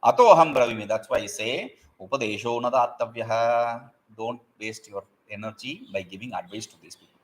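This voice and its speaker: A man teaching a Sanskrit text, reciting verses aloud and explaining them line by line with many pauses and fillers. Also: rough recording. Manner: recites verses loudly, then explains in a lower voice; frequent fillers and self-corrections.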